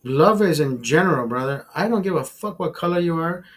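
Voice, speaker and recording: A man's voice: fairly high pitch, animated, fairly quick. A man hosting a casual livestream, ranting in a heated, preachy way and swearing often. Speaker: livestream host. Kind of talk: casual talk to a live chat.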